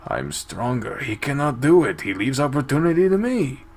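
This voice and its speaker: A man's voice: medium pitch, very animated, moderate pace, breathy edge, voice pushed up. A man voicing a male clouded leopard spirit in a visual novel game, speaking in short, broken phrases. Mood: firm.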